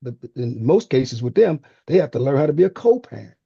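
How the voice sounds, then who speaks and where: A man with a dark, husky voice, explaining steadily as a radio guest who teaches fathering classes. The recording sounds dull and lo-fi. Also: medium pitch, sing-song, a little fast, dry recording. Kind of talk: conversational radio talk.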